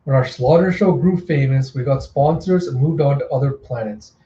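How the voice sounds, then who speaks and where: A man's voice: mid-range voice, normal speed, dark tone, close to an everyday voice. A man voicing a theatrical, mocking male clown killer in a manga readthrough, with a giddy, taunting, raised voice. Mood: brooding. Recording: echoey room, dull lo-fi sound.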